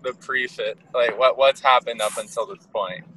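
A man's voice: medium pitch, normal speed, bright, forceful tone, a little hiss or hum, poor audio. A man on a video call chatting casually with friends, easygoing and asking questions. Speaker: late-joining participant. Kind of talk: casual chat.

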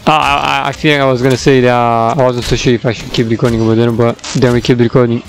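A young man doing rambling voice-over commentary on his own gameplay, laughing often and getting loud when excited, recorded at his home computer. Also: mid-range voice, fast talker, vocal fry, soft background music, poor audio. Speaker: gaming YouTuber. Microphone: desktop microphone.

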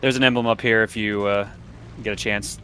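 A man giving casual, jokey commentary while playing a co-op game, quick to laugh. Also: on the low side, steady tone, pushed and bright, a little hiss or hum. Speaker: co-op gamer.

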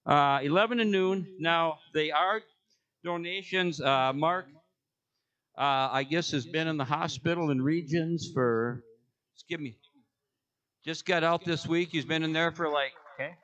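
A man reads out the church notices from the front of a sanctuary, cracking jokes and wandering off track. His voice sits a little high and sounds bright and forceful. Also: measured pace, highs cut off. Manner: joking, rambling, self-correcting. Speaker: church announcer. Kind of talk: casual church announcements.

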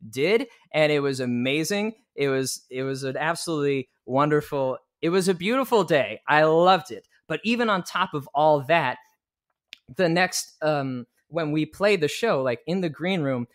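A man, a musician guest on a podcast, telling stories in casual chat and acting out what people said in lively bursts. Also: on the high side, moderate pace.

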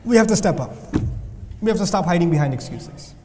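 A male teacher with a notably high voice lectures students in a big, echoing hall. He keeps things animated with joking asides, then drives points home by repeating them. The long reverb of the room trails after each phrase. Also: a little fast. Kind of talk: lively lecture with humor.

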